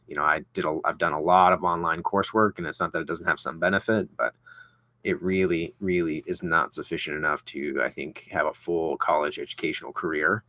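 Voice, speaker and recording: Low and sharp in tone, recorded without echo, a young man casually unboxes and tastes whisky for his review vlog. His talk rambles, with lots of fillers and restarts.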